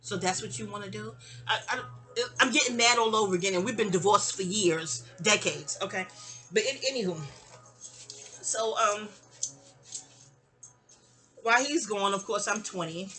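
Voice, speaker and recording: A woman, telling a personal story in an animated, digressive, sassy way. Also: mid-range voice, normal speed, long pauses, faint music behind. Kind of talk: casual storytime monologue.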